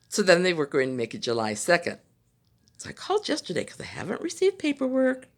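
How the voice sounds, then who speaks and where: Chatty older woman hosting a knitting podcast. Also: rumbling low. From Ohio, USA. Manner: chatty, rambling, personal asides. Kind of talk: casual chat. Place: home.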